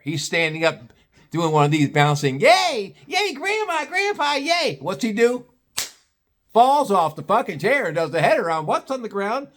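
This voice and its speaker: A man's voice: on the high side, a bit bright. A man telling an exasperated, profane story as a vlogger, with sarcastic asides.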